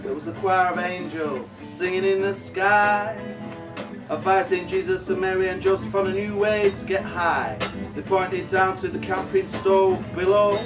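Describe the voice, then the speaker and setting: Sweary comic storyteller. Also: male voice, high voice, steady tone, measured pace. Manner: swearing, laughing, broad storytelling. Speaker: comic singer-songwriter. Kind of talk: rambling comic song storytelling. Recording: live room echo, heard from a distance, over loud music.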